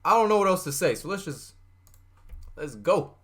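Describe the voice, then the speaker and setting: A man hosting a reaction video, chatting casually in slangy, joking, animated remarks. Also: high voice, moderate pace, breathy edge.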